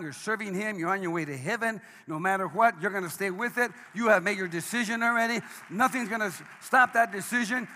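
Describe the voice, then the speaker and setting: A man, a pastor, preaching a sermon, swinging between hushed lines and shouted ones. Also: high-pitched. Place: church sanctuary. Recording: long hall reverb.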